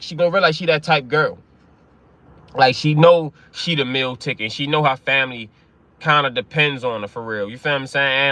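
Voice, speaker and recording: Fast, bright-voiced man riffing. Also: medium pitch, dry recording. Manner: slangy, repeats "you know what I mean". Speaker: commentary channel host. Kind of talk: casual commentary.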